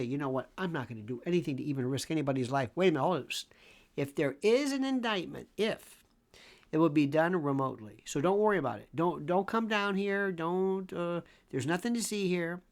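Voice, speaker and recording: A man in his sixties delivers opinionated legal commentary with a gravelly, fry-laced voice. His pitch swoops widely from near-shouted exclamations down to low mutters. He hammers his points home by repeating phrases. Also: very animated, moderate pace. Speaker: legal commentator and show host.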